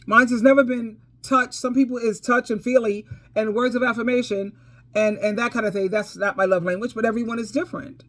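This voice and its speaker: A woman's voice: fairly high pitch, fairly even intonation, fairly quick. A woman giving casual storytime advice, preachy and emphatic, calling listeners baby and girl, and repeating herself for emphasis. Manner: repeats phrases for emphasis, laughs between points. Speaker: advice vlogger.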